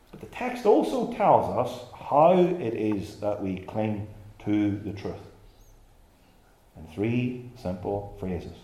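A man's voice: fairly low pitch, big pitch swings, takes it slowly, mellow. A man preaching with emphatic, rhetorical force and a voice that swings widely up and down. His words echo through a roomy space. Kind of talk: sermon. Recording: echoey church room.

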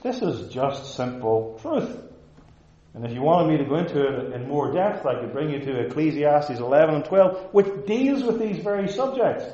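A male pastor preaching a sermon to a live congregation in a measured, emphatic way, stressing short repeated phrases. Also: a little high, expressive, mellow, roomy sound, dull audio. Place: church service before a live congregation.

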